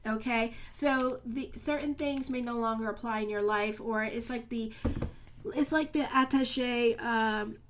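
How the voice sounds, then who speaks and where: A woman's voice: fairly high pitch, measured pace, a little hiss or hum. A woman astrologer giving a casual tarot reading straight to her viewers. She talks in a loose, colloquial way, full of "okay" and "you know", and sounds earnest and reassuring.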